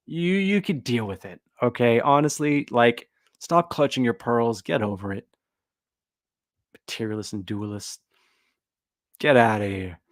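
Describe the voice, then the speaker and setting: A man's voice: mid-range voice, unhurried, long pauses, no room sound, studio quality. A man hosting a livestream, commenting casually in a sarcastic, joking way and now and then putting on mock voices. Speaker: host of a livestream.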